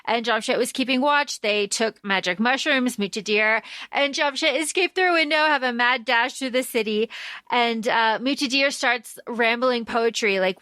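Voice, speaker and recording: A woman's voice: on the high side, normal speed, bright, forceful tone, no room sound. A woman co-hosting a podcast, chatting casually about a book and retelling scenes with quoted dialogue. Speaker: podcast co-host.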